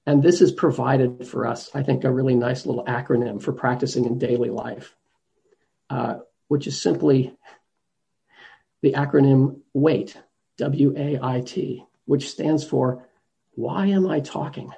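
A middle-aged man giving a gentle, reflective dharma talk over a video call, pausing and restarting as he thinks. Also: medium pitch, fairly even intonation, creaky. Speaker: dharma teacher.

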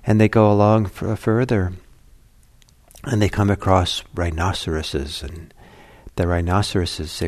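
A man telling a Buddhist parable in a talk, unhurried and conversational. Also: sits low, steady tone, a little mellow. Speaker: Buddhist teacher.

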